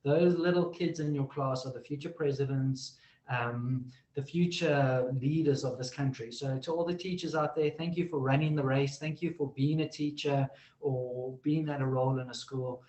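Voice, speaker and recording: A man hosting a live-streamed teacher event, friendly and a little halting as he wraps up the session. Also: medium pitch, fairly even intonation, darkish tone, echoey room, low-quality recording. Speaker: event host.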